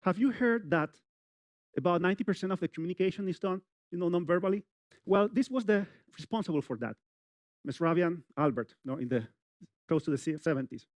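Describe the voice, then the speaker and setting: A middle-aged man giving a public speaking lecture at a university, talking straight to the audience in an animated way with many "you know" fillers. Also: sits high, brisk, no room sound.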